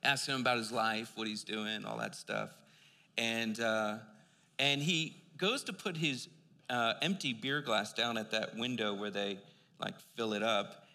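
A man's voice: on the low side, unhurried, gravelly, pushed and bright. An older man preaching a sermon in a church, telling a personal story in a loose conversational way with many fillers. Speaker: pastor. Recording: long hall reverb.

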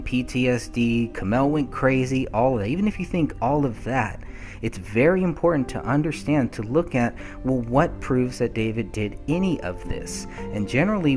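A man co-hosting a true-crime podcast, talking earnestly and emphatically, often repeating words as he starts a thought. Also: medium pitch. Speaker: podcast co-host. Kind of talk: earnest discussion.

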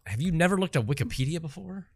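A man's voice: fairly high pitch, expressive, fast talker, slightly rough, no room sound. A man co-hosting a podcast, chatting casually and cracking jokes. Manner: joking, wisecracking. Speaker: podcast co-host. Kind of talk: casual chat.

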